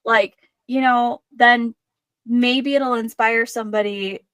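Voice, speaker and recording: A woman's voice: on the high side, fairly even intonation, slow pace, fairly bright tone, clean tone, no room sound. A young adult woman hosting a podcast, talking casually with frequent laughs and lots of "like". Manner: chatty, laughs often, says "like" a lot. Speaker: podcast host. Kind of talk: casual chat.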